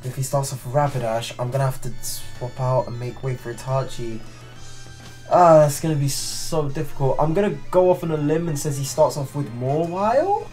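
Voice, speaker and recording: A man's voice: mid-range voice, expressive, normal speed, darkish tone, soft background music. Male let's-play host, mid-range voice, exasperated running commentary with restarts and swearing. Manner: exasperated ranting, thinking aloud; frequent restarts and swearing under his breath. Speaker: gaming channel host.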